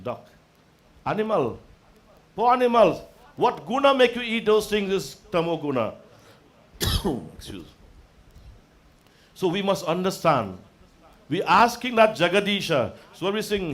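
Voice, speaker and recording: A man giving a devotional sermon, calling out invocations and dropping to quiet asides. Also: high voice, expressive, moderate pace, long pauses. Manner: preaching with sung-out invocations and dropping to soft asides. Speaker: religious speaker. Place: religious festival gathering.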